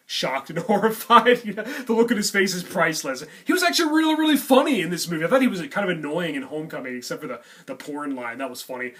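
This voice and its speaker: A man's voice: high-pitched, fairly bright tone. A man giving a casual movie review, rambling with lots of fillers. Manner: rambling, many "um" and "you know" fillers. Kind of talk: casual reaction vlog.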